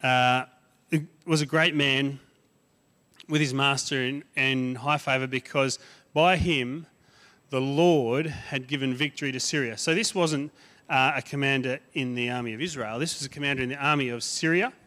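A guest speaker preaches a sermon conversationally in a steady, mid-range voice at a moderate pace. On emphatic lists his voice rises and grows loud, while asides drop quiet.

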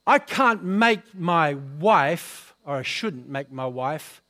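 Slow, high-voiced male preacher. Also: animated, bright, forceful tone. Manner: calls for responses from the congregation, often asks questions; clears throat often. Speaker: pastor. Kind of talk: sermon.

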